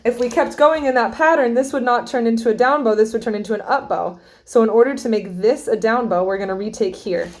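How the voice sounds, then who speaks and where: A woman's voice: a little high, fairly quick, few pauses. A young woman teaching a string student about rhythm and bowing, patiently explaining and often checking in with "okay?".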